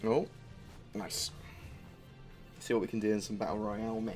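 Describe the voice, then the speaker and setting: A man's voice: fairly low pitch, level tone, normal speed, darkish tone. A man streaming a video game live, chatting in a rambling, distracted way with plenty of asides. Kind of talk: live-stream chat while gaming. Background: faint music.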